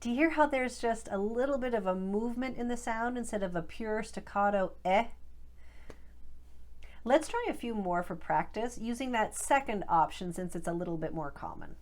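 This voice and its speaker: A woman speech coach giving a scripted accent lesson, demonstrating sounds clearly and carefully. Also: mid-range voice, normal speed.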